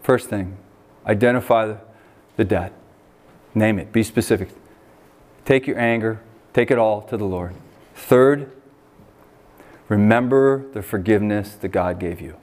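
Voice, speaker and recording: American pastor preaching with emphasis. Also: male voice, lowish voice, measured pace, pauses often, a little mellow. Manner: preaching with rising emphasis and asides. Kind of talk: sermon.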